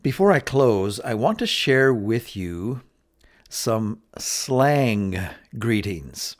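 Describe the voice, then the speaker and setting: A man teaching a beginner English lesson, saying phrases clearly and repeating them for learners to copy. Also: mid-range voice, expressive, very slow.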